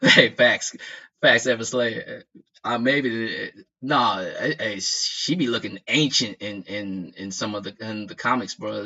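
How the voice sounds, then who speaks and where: A man who grew up in the United States, talking casually as a streamer in a profane, animated rant full of laughs. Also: mid-range voice, gravelly. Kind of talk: casual chat. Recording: dull lo-fi audio.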